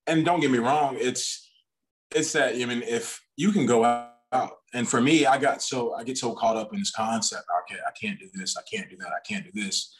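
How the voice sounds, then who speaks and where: A man's voice: medium pitch, normal speed, low-quality recording. A young man, a pro football player guest, chatting casually in an interview and rambling through many restarts and fillers. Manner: self-aware talker.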